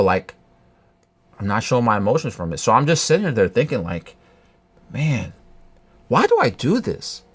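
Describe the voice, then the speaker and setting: A man telling a personal story to camera in a halting, earnest way, with many restarts and fillers. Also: lowish voice. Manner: earnest, confiding. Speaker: vlogger.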